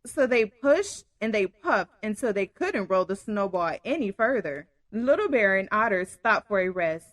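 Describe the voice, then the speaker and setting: A woman storyteller reading a picture book aloud to children in an expressive, engaging way. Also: mid-range voice, moderate pace, hardly any pauses, no echo. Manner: warm, expressive, addresses kids directly.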